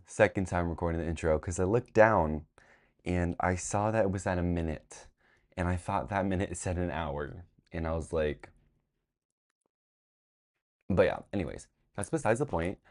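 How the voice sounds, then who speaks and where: A tired young man hosting a casual vlog, chatty and dramatic, swinging between drained sighs and excited squeals. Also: low voice, moderate pace. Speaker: vlog host.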